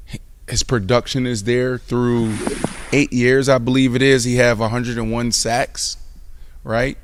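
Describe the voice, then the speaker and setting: Male sports show host, mid-pitch voice, casual slang, playful loud rants. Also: no echo. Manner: animated, loud rant with mock outrage; casual slang, talks to the live chat.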